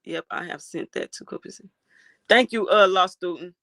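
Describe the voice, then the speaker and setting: Gravelly, outraged livestream host. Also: medium pitch, normal speed, no room sound. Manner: animated, outraged, swears freely. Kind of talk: livestream reaction commentary, reading chat.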